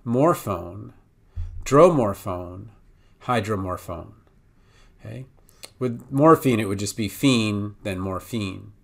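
Pharmacist tutor, male, low-ish pitch; patient, casual explainer with filler-heavy delivery. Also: a bit bright. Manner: patient, breaks words into syllables slowly; frequent "okay?" and "uh" fillers. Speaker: pharmacist teaching drug pronunciation.

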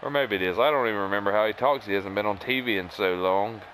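Wry, rambling gaming commentator. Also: male voice, on the low side, quick pace, a bit bright, a little hiss or hum. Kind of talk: let's play commentary.

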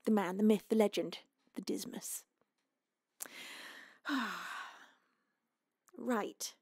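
A woman's voice: medium pitch, slow pace, dark tone, no room sound, clean studio sound. A woman streaming live and reading out donation messages, gushing and laughing, on the edge of tears. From United Kingdom. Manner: gushing, emotional, laughing often. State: tearful, close to crying. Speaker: livestreaming singer. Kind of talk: casual chat reading donations.

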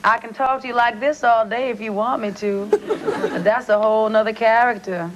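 A woman's voice: on the high side, steady tone, moderate pace, highs cut off, a little hiss or hum. Giggly woman talk-show guest. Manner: chatty, giggly, self-deprecating. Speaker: celebrity guest. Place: remote link from New York.

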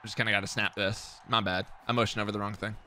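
A young man streaming a football video game, chatting casually with his viewers, excitable and swearing, with sudden loud outbursts. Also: lowish voice, rapid-fire, slight background noise. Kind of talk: live game stream commentary.

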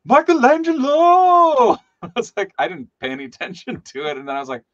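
A man's voice: medium pitch, rapid-fire, a bit bright, muffled recording. A man chatting as a livestream guest over a video call, giggling at his own stories. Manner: giggly, self-amused. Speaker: stream guest. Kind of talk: casual chat.

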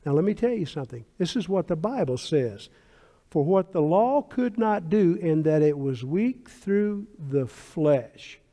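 High-voiced man preaching a sermon. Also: a little slow. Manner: animated, storytelling preacher with emphatic asides. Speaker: pastor. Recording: long hall reverb.

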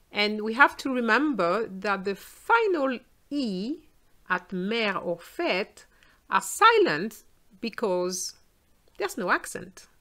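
Woman teaching sounds, takes it real slow, says each word twice. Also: medium pitch, pushed and bright. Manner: slow, careful, repeats words for learners. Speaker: French teacher. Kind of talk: pronunciation lesson.

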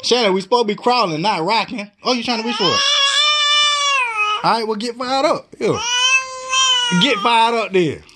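A young father coaxing his baby to crawl, playful and teasing, dipping low and jumping into high baby talk. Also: moderate pace, pauses often, heavy background noise.

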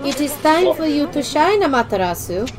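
A woman voicing a smug male prophet, putting on a mock French accent and a lowered, drawling delivery. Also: big pitch swings, normal speed, music in the background. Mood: grand.

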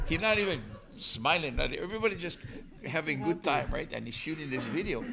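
Gravelly man telling a story. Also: medium pitch. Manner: animated storyteller, laughs and acts out voices. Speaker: canoe crew member. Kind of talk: storytelling talk.

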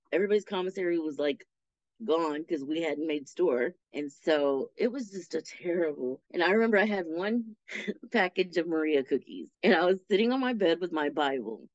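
A woman's voice: deep voice, no room sound. A middle-aged woman speaking as an interview guest, telling her story candidly and acting out what people said, with frequent laughs. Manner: animated, acts out quoted speech, laughs through her story. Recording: dull lo-fi audio.

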